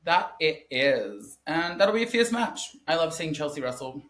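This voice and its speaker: A man co-hosting a podcast in casual chat, recapping wrestling in an animated, profane way and laughing often. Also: fairly high pitch, normal speed. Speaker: podcast co-host.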